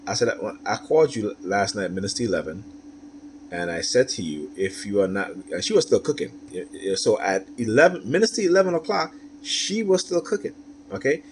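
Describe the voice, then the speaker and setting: A man's voice: lowish voice, sing-song, fairly quick, a little hiss or hum. A man talking through a personal story, rambling and often asking "right?" with many fillers. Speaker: commentator. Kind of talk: personal monologue.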